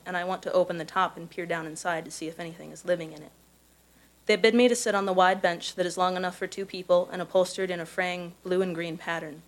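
A woman from Missouri reading her own personal essay aloud at a live event, in a measured storytelling voice. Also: fairly low pitch, rough recording. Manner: measured, careful storytelling delivery. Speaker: contest winner reading her own prose.

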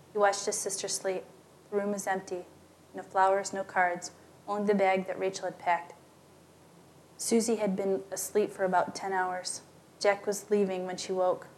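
A woman's voice: medium pitch, slight background noise. A woman narrating a story aloud, lightly giving voice to the characters in plain storytelling. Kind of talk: scripted narration.

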